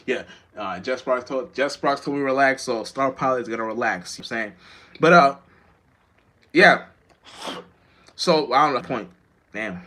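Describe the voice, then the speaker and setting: A man's voice: mid-range voice, normal speed, long pauses, bright, forceful tone. A young man, a rapper, chatting loosely to viewers on a livestream, often losing his train of thought and swearing freely. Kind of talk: rambling casual livestream chat.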